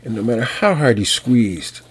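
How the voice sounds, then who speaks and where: An American man working as a storyteller, telling a folk tale in an unhurried, folksy way with fillers and restarts. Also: mid-range voice, lively intonation, breathy edge. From United States.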